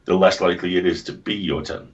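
An English man with a lowish voice chats casually as a podcast co-host. He tells stories with animation and swears freely. The recording sounds dull and lo-fi. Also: steady tone, fast talker. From England. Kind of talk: casual chat.

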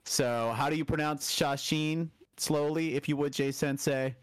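A man's voice: a little high, fairly even intonation, smooth, no room sound. A man co-hosting a casual podcast lesson, joking and steering through a word list. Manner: joking, drawn-out prompts, leads the word list. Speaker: podcast co-host, learner.

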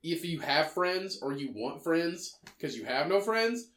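A man's voice: on the high side, very animated, measured pace, a bit bright, roomy sound. A man co-hosting a casual podcast, blunt and profane, ranting with crude humor. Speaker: podcast co-host.

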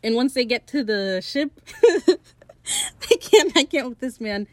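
This TV recap host is a woman in her late teens with a fairly high pitch, speaking at normal speed with no echo. Excitable and gushing, she goes over the episode casually, swearing freely and laughing often.

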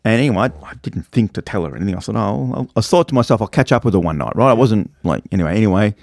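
A man's voice: on the low side, animated, racing, creaky, darkish tone, dry recording, studio quality. A man, telling a travel story in casual chat as podcast co-host, rambling and acting out the voices of people he quotes.

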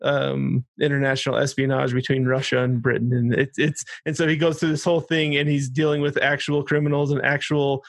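A man, a parent and regular co-host, chatting casually and excitedly retelling funny movie scenes. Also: medium pitch, brisk, vocal fry, few pauses, no room sound. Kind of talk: casual chat about a film.

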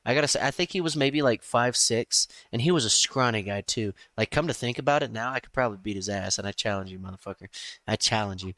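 A man's voice: mid-range voice, quick pace, fairly bright tone, no room sound. A man co-hosting a podcast, chatting casually with crude jokes. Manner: profane, joking. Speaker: podcast co-host. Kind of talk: casual chat.

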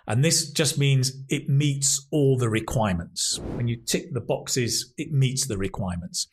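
A man's voice: medium pitch, a little slow, noisy background. A man teaching English, explaining phrases patiently one at a time and chatting with a colleague. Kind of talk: explaining vocabulary, casual chat.

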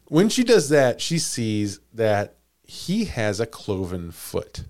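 A man hosting a comedy podcast, telling a story casually and in an animated way, with frequent laughs and jokey asides. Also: fairly low pitch, takes it slowly.

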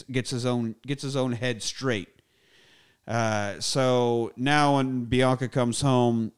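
Sounding like a podcaster filling in his co-hosts, a man rants through a movie's storyline in a relaxed, foul-mouthed, energetic way. His medium-pitched voice comes across smooth and clean.

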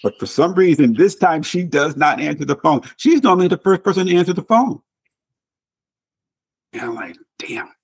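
A man's voice: high-pitched, lively intonation, a little fast, hardly any pauses, breathy edge. Earnest man telling a personal story. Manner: emotional, earnest, repeats words for emphasis. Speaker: podcast guest, author.

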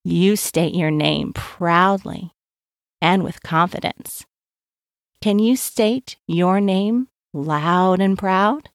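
A woman gently telling a guided story to young children and asking them questions as she goes. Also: fairly low pitch, extremely slow, no echo, studio quality. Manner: gentle, asks the listener questions.

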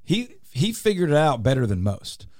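A man's voice: fairly high pitch, big pitch swings, moderate pace, a little mellow, no echo. A man hosting a radio show in a studio, talking in an upbeat, teasing, salesy way. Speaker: radio show host and real estate team leader. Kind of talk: casual radio talk.

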